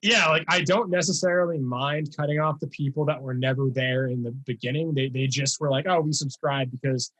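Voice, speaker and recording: A young man hosting a casual podcast chat, talking in an animated, rambling way full of fillers. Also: on the high side, brisk, few pauses, low-quality recording. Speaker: podcast host and music reaction creator.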